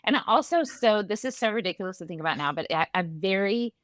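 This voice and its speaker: A woman, a mother, telling stories as a podcast guest in an animated way, laughing often. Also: medium pitch, fast talker, dry recording, clean studio sound. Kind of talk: casual storytelling.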